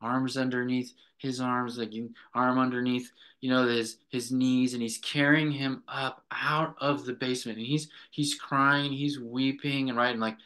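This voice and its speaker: A man's voice: medium pitch, flat delivery, moderate pace, hardly any pauses, pushed and bright. A middle-aged man, a clinical director, earnestly recounting a therapy session to a group and often checking in with "right?".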